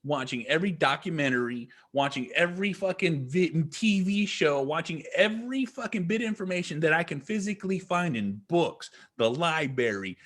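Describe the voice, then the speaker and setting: Husky, higher-voiced man telling a profane story. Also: expressive, moderate pace, hardly any pauses, fairly bright tone. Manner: profane, rambling, emphatic. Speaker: podcast guest. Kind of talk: casual storytelling.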